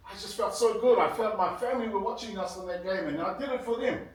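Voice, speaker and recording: A man's voice: sits high, quick pace, distant mic. A man in his fifties, a former rugby player, giving an earnest motivational speech to students in a large hall. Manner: earnest storytelling, grows emotional. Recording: very echoey hall, heard from afar.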